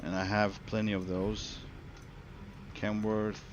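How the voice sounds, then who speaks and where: A man's voice: lowish voice, a little slow, muffled recording. A man with a Swedish accent, a streamer chatting casually and joking while playing a driving game. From Sweden. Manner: relaxed, joking, thinks aloud. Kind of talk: casual gameplay commentary. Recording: loud engine noise under the voice.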